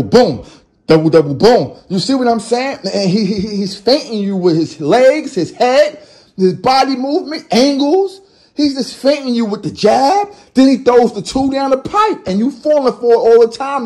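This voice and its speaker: A man with a high-pitched voice calls a boxing match casually, loud and animated. His talk is slangy and full of trash talk, and it jumps between excitement and mocking asides. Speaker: boxing commentator. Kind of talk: casual live fight commentary.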